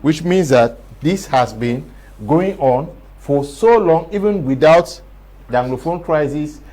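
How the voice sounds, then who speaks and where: A man with a Cameroonian English accent hosting a studio panel debate, putting questions in a measured way with some fillers. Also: fairly high pitch, lively intonation, warm tone, poor audio. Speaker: debate show host.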